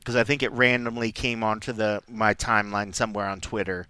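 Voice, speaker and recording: A middle-aged man co-hosting a podcast, telling rambling, animated stories with asides in casual chat. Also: lowish voice, fairly quick, smooth, no echo. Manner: animated storyteller, rambling asides, acts out quotes. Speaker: podcast co-host.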